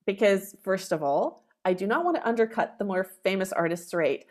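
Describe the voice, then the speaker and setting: A middle-aged woman composer in an interview, talking with animated emphasis and acting out the people she quotes. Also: mid-range voice, moderate pace. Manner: animated, acts out quoted callers. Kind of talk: conversational interview.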